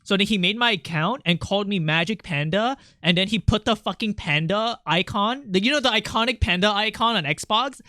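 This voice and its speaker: A young man streaming while he draws, chatting casually with his viewers in a rambling, animated way, often breaking into laughter. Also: high-pitched, brisk, hardly any pauses, no echo, clean studio sound. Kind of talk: casual livestream chat while drawing.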